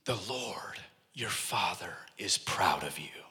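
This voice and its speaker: A man voicing a gentle man praying over someone, in a hushed, tender tone. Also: a little high, brisk. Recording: echoey hall reverb.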